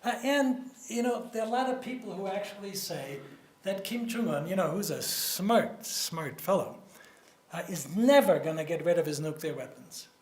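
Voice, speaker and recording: A man in his seventies giving a public lecture with slides, in a measured, conversational way with many "you know"s and repeated words. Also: high voice, animated, darkish tone. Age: 70s. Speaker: guest lecturer on nuclear security. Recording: roomy hall echo.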